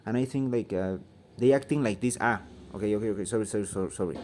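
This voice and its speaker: Halting Mexican-accented man, low mellow voice. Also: slight background noise. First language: Spanish. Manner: halting, searching for words, many ums; blunt, swears freely. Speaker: channel host. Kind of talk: opinion vlog rant.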